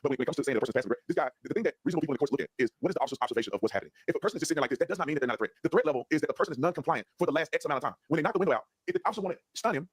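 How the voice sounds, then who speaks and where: A man's voice: on the high side, lively intonation, rapid-fire, hardly any pauses, husky, no room sound. A man arguing insistently in a debate and acting out quotes from a video. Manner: insistent, talks over others, acts out quotes. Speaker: debate guest defending police. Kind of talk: argumentative commentary.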